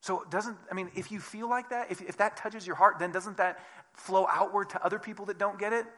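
A male pastor delivering a relaxed, conversational sermon. His voice sits a little high and sounds bright and forward. He acts out the people he quotes, jumping from quiet asides to loud, emphatic lines. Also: fairly quick.

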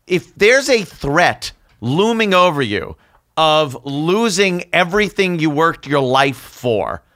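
A man's voice: fairly high pitch, sing-song, takes it slowly, fairly bright tone. A man guesting on a casual, opinionated chat, talking emphatically with stammering restarts. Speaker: guest, radio host.

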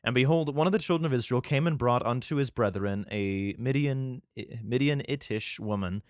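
A man's voice: mid-range voice, normal speed, no echo, clean studio sound. A male podcast host reads scripture aloud. He stumbles over words and breaks off for profane, irreverent asides. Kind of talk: casual scripture reading with commentary.

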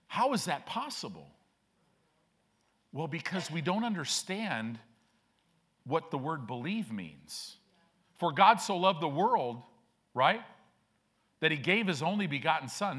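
A man's voice: fairly high pitch, sing-song, measured pace, long pauses, a bit bright, slightly rough. A male pastor preaching a sermon in a conversational, slangy way, acting out quoted characters with a shifting voice. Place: church sanctuary.

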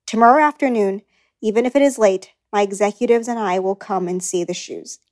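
A woman's voice: medium pitch, a little fast, a little mellow, natural voice. A woman reading the lines of a blunt, frank male business executive in an audiobook, in an everyday voice. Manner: frank, patronizing.

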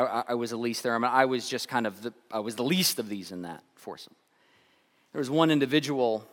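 Male pastor, mid-range voice, chatty sermon delivery with frequent restarts, long church reverb. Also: mid-range voice. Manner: conversational storytelling, often restarts and repeats words. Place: church sanctuary.

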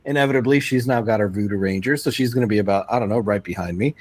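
A man's voice: fairly low pitch, very fast, no room sound. A man co-hosting a casual podcast, telling a long story and acting out the people in it. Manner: animated storyteller, acts out the people in his stories. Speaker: podcast co-host.

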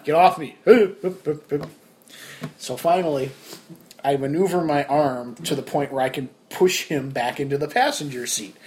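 A young man co-hosting a podcast, telling a story in a casual chat and acting out his friends' lines along the way. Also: mid-range voice. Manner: animated storyteller who acts out friends' voices. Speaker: podcast co-host.

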